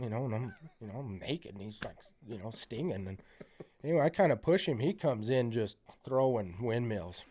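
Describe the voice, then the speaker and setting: A man's voice: lowish voice, darkish tone. A man on a podcast telling a long story in a rambling, profane way, full of fillers. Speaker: podcast guest. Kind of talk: casual storytelling.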